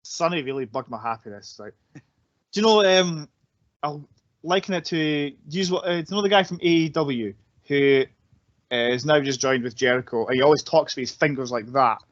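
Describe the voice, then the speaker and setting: A man's voice: fairly high pitch, normal speed, no echo, highs cut off. A man co-hosting a podcast in casual chat, blunt and swearing freely. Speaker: podcast co-host.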